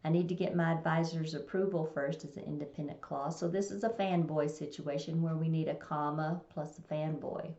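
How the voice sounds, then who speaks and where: Woman teacher, low gravelly voice, echoey dull lo-fi recording. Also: fairly even intonation, a little fast, few pauses, dark tone. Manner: plain explanatory, reads example sentences aloud. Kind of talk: recorded test-prep lesson. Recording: echoey room, dull lo-fi sound.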